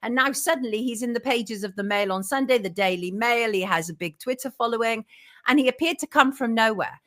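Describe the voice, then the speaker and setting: A woman's voice: on the high side, brisk, fairly bright tone. A woman hosting a political discussion, speaking in an indignant, emphatic way. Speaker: host.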